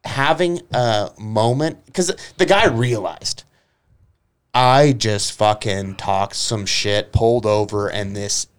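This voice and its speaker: A man's voice: fairly low pitch, slow, clean tone. A man hosting a podcast, telling a rambling, profanity-heavy story and laughing often. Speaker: podcast host. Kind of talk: casual podcast chat.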